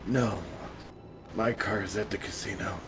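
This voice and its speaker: A man's voice: fairly low pitch, fairly even intonation, a little slow, over music. A man in an in-character roleplay, answering in brief, subdued replies. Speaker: fellow roleplay player.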